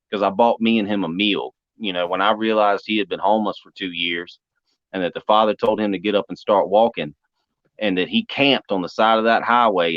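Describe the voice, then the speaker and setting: Man, deep voice, folksy storyteller, dry close mic with a muffled tone. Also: dry recording. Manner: folksy, repeats "man" and "brother". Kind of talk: casual storytelling. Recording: dull muffled sound.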